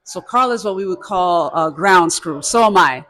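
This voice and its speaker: A man hosts an interview in a slightly high voice. He stays calm and explains ideas to the audience in an even way. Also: normal speed. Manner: calm, explains concepts to the audience between brief affirmations. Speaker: podcast host. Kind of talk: casual interview.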